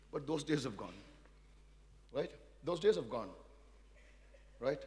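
A male pastor with an Indian English accent, preaching a sermon and calling for responses, moving from quiet asides to loud emphatic peaks. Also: medium pitch, lively intonation, fairly quick. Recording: long hall reverb.

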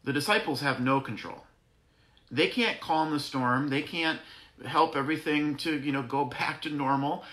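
A pastor with a slightly high, somewhat bright voice gives an earnest, conversational devotional sermon at a moderate pace. He repeats phrases for emphasis and corrects himself along the way. The room is echoey.

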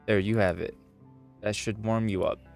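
A man with a Swedish accent voicing a blunt, gruff grown man lost in the woods, reading game dialogue aloud in short curt lines. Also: on the low side, little pitch movement, normal speed, faint music behind. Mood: steady.

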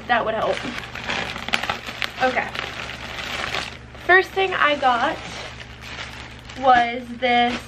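A nineteen-year-old woman talks through a try-on haul in a high, bright voice. She is chatty and expressive, dropping "like" into every sentence, over a faint background hiss. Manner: chatty and expressive, heavy use of "like". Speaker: beauty and fashion vlogger. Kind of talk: casual try-on haul chat.

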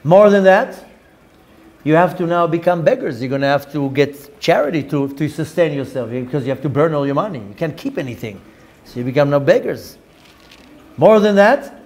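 A man, a rabbi, telling a story in a lively lecture, acting out the dialogue and mixing in Hebrew and Yiddish words. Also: fairly high pitch.

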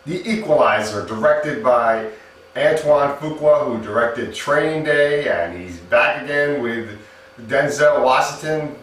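A man's voice: mid-range voice, a little slow, a bit bright. Chatty man reviewing a movie, echoey room. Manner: chatty, laughs at own jokes, frequent restarts. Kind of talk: casual spoken movie review. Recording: echoey room, mic at a distance.

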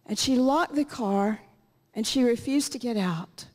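An older woman in her 60s or 70s, a guest speaker at a church meeting, gives an earnest personal testimony into a stage microphone in a reverberant church hall. Her fairly high, darkish voice moves at a measured pace, and she acts out the quotes in her story.

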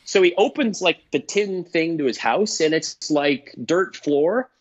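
A middle-aged man, a comedian guest, telling stories in casual chat, animated and swearing, acting out voices. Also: a little high, measured pace, husky. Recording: dull lo-fi dry sound.

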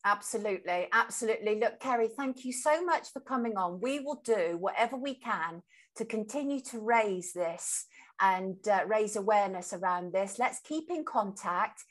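A woman's voice: mid-range voice, animated, moderate pace. A woman hosting a live-stream talk show, sympathetic to her guest and reading viewer comments aloud. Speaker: host.

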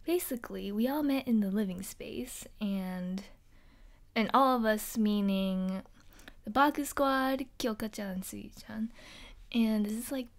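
A woman's voice: medium pitch, a little slow, natural voice. A woman playing a bubbly teenage girl at a hero school, telling a dorm story in a chatty, giggly way with many fillers. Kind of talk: in-character storytelling vlog.

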